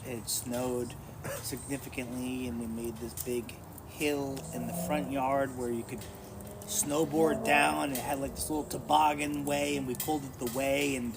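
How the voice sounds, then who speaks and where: A man from the New York metro area telling a long, rambling story to friends in a casual chat, restarting sentences as he goes. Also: mid-range voice. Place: outdoors around a firepit. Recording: noisy background.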